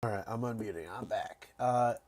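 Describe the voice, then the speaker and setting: A man's voice: lowish voice, moderate pace, darkish tone, slight background noise. A man with a head cold chatting casually on a game stream, rambling and repeating words as he restarts sentences. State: congested from a cold. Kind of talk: casual live-stream chat.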